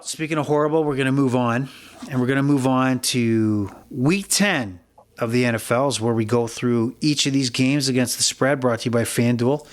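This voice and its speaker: A middle-aged man hosting a solo sports betting podcast, talking bluntly and with plenty of swearing as he rambles through his opinions. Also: medium pitch. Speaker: podcast host.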